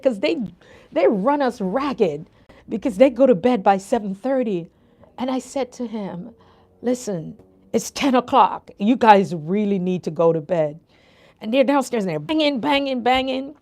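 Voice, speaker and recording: This nurse coach and livestream host, an older Jamaican woman with a Jamaican accent, chats casually with her audience and laughs frequently. Her voice sits on the high side, mellow and animated, at a measured pace.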